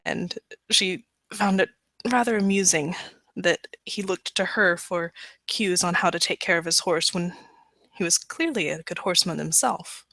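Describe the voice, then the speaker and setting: A woman playing a tabletop game, describing her character's actions in a measured, descriptive way. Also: on the low side, creaky, a bit bright, no room sound, rough recording. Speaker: player.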